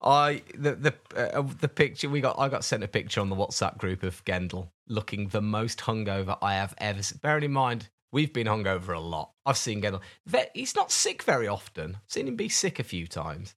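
A man from England on a casual podcast, joking and ribbing his co-host. His pitch moves up and down a lot as he talks. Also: very animated, brisk, hardly any pauses, fairly bright tone. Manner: teasing, banter-filled interjections. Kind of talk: casual chat.

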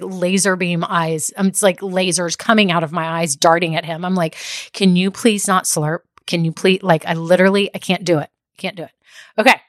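A woman's voice: mid-range voice, no room sound, clean studio sound. A woman who hosts a podcast and coaches small business owners. She talks casually, laughs often and drifts into tangents. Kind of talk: casual solo podcast talk.

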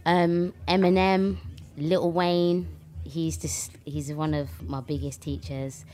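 A young English woman with a Birmingham accent and a deep voice speaks slowly as a rapper guesting on a casual interview. She talks animatedly, using fillers and often restarting her sentences.

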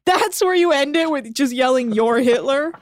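Expressive and high-voiced, this podcast co-host recaps a show with no room sound in the recording. Her casual chat is teasing and chatty, and she's quick to laugh as she summarizes episodes.

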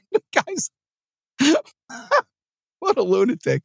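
A man's voice: sits high, normal speed, no room sound. A man from New Jersey hosting a sales podcast in a casual, rambling motivational monologue full of restarts. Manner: animated and rambling, with many restarts. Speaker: podcast host and sales trainer.

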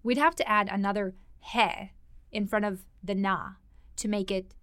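A woman teaching a language lesson, explaining words and phrases in a clear, explanatory way. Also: medium pitch, steady tone, unhurried, fairly bright tone, no room sound, clean studio sound.

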